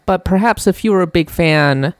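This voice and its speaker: A woman's voice: fairly low pitch, normal speed, dry recording, clean studio sound. A woman hosting a casual podcast chat, wry and teasing. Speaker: podcast host.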